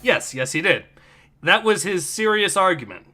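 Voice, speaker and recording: A man's voice: high voice, normal speed, a little hiss or hum. A man hosting a livestream, chatting animatedly and reading viewer comments aloud. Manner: animated, laughing, reads chat comments aloud. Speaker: livestream host. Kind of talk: casual commentary chat.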